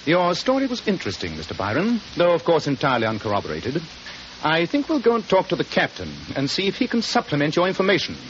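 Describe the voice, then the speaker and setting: An actor playing a shrewd, coolly sardonic male detective in a 1940s radio drama, speaking crisply. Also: on the high side, huge pitch swings, fast talker, a bit bright. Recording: dull old radio recording with hiss.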